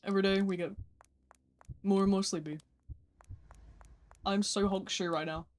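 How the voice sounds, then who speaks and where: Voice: mid-range voice, fairly even intonation, normal speed. A gaming livestreamer in casual, rambling chat, sleepy and yawning, slangy and self-mocking.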